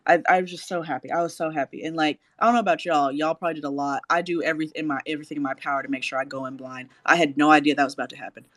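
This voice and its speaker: A man hosting a casual chat, animated and gushing, swearing freely. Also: a little high, rapid-fire, hardly any pauses, dry recording, clean studio sound. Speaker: host.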